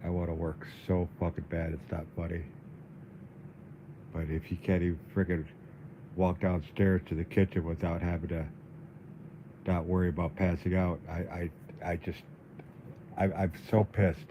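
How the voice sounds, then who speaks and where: A man livestreaming in a casual, halting way, dizzy and weak, often repeating his words. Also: low voice, level tone, lo-fi sound, slight background noise. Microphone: phone.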